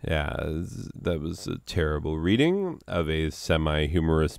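A man hosting his own channel in a rambling comedic monologue, deadpan, self-mocking and wandering off topic. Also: rumbling low, a little slow, vocal fry, clear, resonant tone, dry recording, studio quality. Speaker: channel host.

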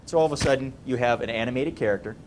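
A man with a deep bass voice teaching puppet voices in a casual, demonstrating way. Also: racing, darkish tone, a little hiss or hum. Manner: casual, demonstrating, many ums. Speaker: puppetry trainer. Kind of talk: instructional talk.

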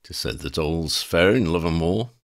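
A man's voice: low-pitched, lively intonation, normal speed. A man reading a story aloud, voicing a courtly, calculating male vampire leader who talks in formal, old-fashioned phrasing.

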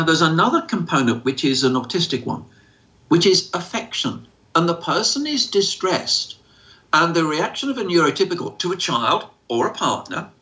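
A man's voice: on the high side, bright, forceful tone. A man who answers questions as an autism expert, speaking informally with many fillers and acting out quoted voices. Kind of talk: informal explanatory talk. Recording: slightly dull lo-fi sound.

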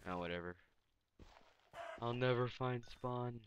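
A young man hosting a casual let's-play, sounding tired and mumbling, then bursting into excited outbursts. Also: on the low side, a little slow, background noise. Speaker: gaming channel host.

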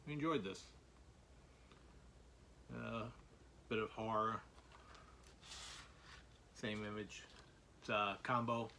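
A man showing the movies he bought in a casual vlog, talking in halting bursts full of "uh" fillers and restarts. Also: lowish voice, vocal fry, bright, forceful tone, slight background noise. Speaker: collector showing his movie purchases.

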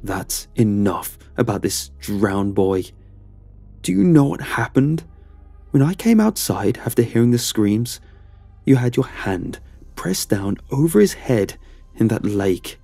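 A man voicing a grieving middle-aged father who shouts bitterly in a horror story. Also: medium pitch, sing-song, slow, vocal fry, pauses often, slightly rough, dry recording, soft background music, pitched above the performer's own voice, exaggerated voice. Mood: furious.

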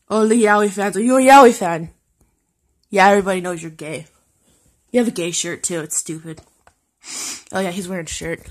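A young woman vlogging casually, talking to her dog and rambling, swinging from mutters and whispers to sudden loud shouts. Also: mid-range voice, fairly quick. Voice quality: husky.

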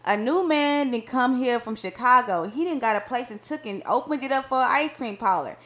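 A woman's voice: fairly high pitch, animated, moderate pace, fairly bright tone, voice pushed up. A woman voicing a teasing young husband. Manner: playful banter in folksy dialect.

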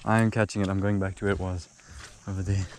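Young man narrating his own fishing trip outdoors, swings from loud exclamations to quiet murmurs, faint outdoor hiss behind him. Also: low voice, quick pace. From Zimbabwe. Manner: excitable, exclaims and drops to murmurs. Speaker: angler vlogger. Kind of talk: casual outdoor fishing vlog. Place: outdoors at a small dam. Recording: outdoor recording with faint background noise.

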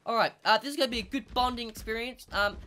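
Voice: medium pitch, fast talker. A gaming channel host, chatting through gameplay commentary and talking to the animals in the game. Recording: steady background noise.

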